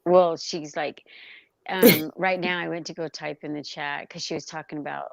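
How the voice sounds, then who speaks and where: A woman's voice: deep voice, steady tone, moderate pace, vocal fry, dry recording, lo-fi sound. A woman in casual livestream gossip, blunt, profane and mocking as she talks about someone else. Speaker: livestream co-host.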